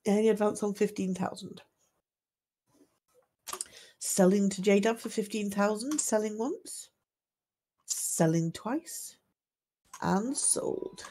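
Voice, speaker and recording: A woman acting as auctioneer on a game livestream, calling lots and bids in a steady, methodical way. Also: mid-range voice, slow, long pauses, slight background noise. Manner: steady methodical lot-calling, selling once, twice, sold.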